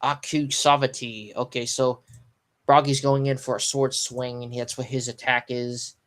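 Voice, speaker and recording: Tired guy yawning thru a live comic reaction, lots of ums and stops, mid-pitched voice. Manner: halting, stops often with ums and restarts while reading. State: sleepy, yawning. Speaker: live manga reaction streamer. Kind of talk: casual live read-through and reaction.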